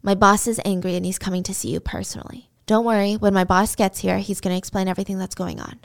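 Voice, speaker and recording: A woman voicing a calm, soft-spoken male kidnapper who talks in a hushed, soothing near whisper. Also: mid-range voice, fast, vocal fry, close to an everyday voice.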